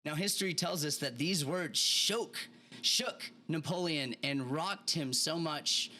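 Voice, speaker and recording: Speaking slowly in a slightly high, sharp voice, a man hosts a motivational podcast. The monologue is made of casual, animated stories packed with slang.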